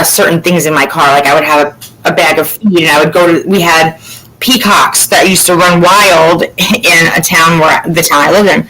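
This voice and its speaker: A woman's voice: lowish voice, sharp tone, a little hiss or hum, poor audio. A woman hosting a casual chat, rambling and candid, swearing freely. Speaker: podcast host.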